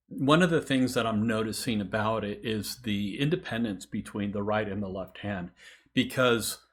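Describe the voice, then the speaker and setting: A man's voice: lowish voice, fairly bright tone. A man hosting a casual music reaction chat, thoughtful, counting beats aloud and laughing often. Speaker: host.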